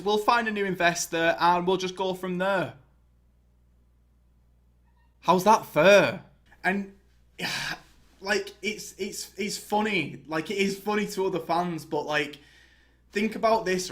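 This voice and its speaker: A man's voice: on the high side, fairly bright tone. Sweary young man ranting. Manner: sweary, sarcastic, mocking impressions. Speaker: football fan vlogger. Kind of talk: angry ranting commentary.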